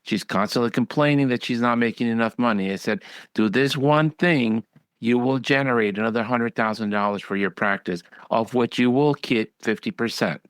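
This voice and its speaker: A man's voice: medium pitch, normal speed, no echo. A man who is a physician, hosting a podcast and chatting bluntly, acting out other voices when he tells stories. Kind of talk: casual interview chat.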